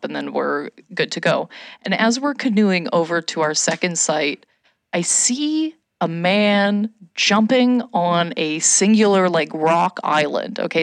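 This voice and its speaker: A woman from Canada telling a funny story in casual chat, animated, swearing and shouting out quoted lines. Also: low-pitched, no room sound, studio quality.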